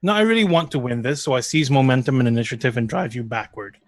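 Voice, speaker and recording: A man's voice: medium pitch, fast, no echo, clean studio sound. A man playing a tabletop role-playing game, casual and joking. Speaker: player.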